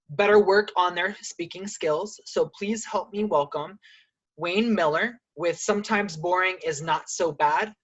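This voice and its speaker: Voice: medium pitch, fairly bright tone, rough recording. A meeting host on a video call runs through club updates. The host then introduces the next speaker in a formal way. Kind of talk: meeting announcements.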